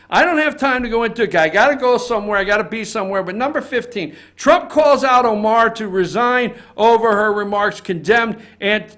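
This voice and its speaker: Man, talk show host, heated opinion monologue, very high pitch, swearing, office. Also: bright, forceful tone. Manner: heated, ranting, swears often.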